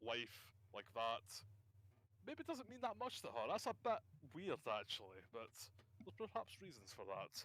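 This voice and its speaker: A man's voice: medium pitch, huge pitch swings, normal speed, fairly bright tone. Rambling man running a tabletop game. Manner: rambling, full of restarts and fillers. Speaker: game master.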